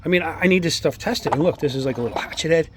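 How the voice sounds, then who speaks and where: Excitable rambling man showing stones. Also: fairly high pitch, rapid-fire, noisy background. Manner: excited, rambling, jumps between topics. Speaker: amateur artifact collector. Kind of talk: casual show-and-tell monologue.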